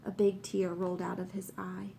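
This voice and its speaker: A woman narrating a children's story, reading aloud in a plain, measured way. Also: on the low side, monotone, vocal fry, mellow, slight background noise.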